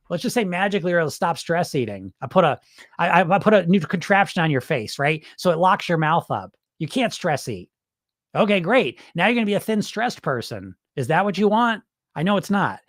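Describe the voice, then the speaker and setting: A man's voice: a little high, no echo, studio quality. A middle-aged man, a weight loss coach, talking casually and bluntly to his viewers. He keeps checking in with "okay?" and "right?". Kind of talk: casual live-stream coaching talk.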